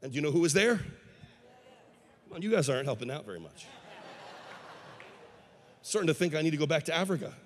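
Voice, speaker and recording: Evangelist, male, high and lively, dramatic storyteller, echoing hall. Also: normal speed, pauses often. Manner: dramatic, rhetorical questions to the crowd. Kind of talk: storytelling sermon. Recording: long hall reverb.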